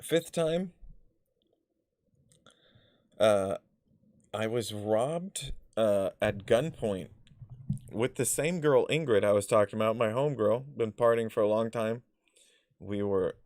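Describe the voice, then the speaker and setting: A man vlogs about his personal life in a loose, rambling way, packed with fillers, restarts and blunt swearing, and he tends to lose his thread. His voice sits fairly low with a darkish tone. The sound is clean studio quality with no echo.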